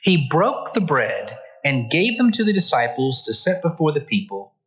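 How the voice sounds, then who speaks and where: A man's voice: a little high, big pitch swings, normal speed, a bit bright, rough recording. A man teaching a church Bible class, reading scripture aloud and stopping to explain it with earnest, emphatic repetition. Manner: reads passages then stops to comment.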